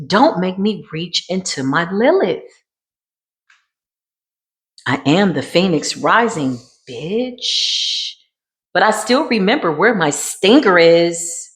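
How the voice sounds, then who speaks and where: A woman giving a dramatic tarot card reading in a sassy way, dropping to a hush and then rising to emphatic bursts. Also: medium pitch. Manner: sassy, dramatic, swings between hushed and emphatic. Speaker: tarot reader.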